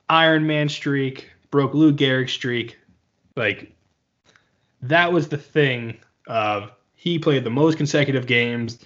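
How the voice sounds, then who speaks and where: A man's voice: mid-range voice, a bit bright, muffled recording. A man co-hosting a casual podcast chat, playfully spinning wild hypotheticals. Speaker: podcast co-host.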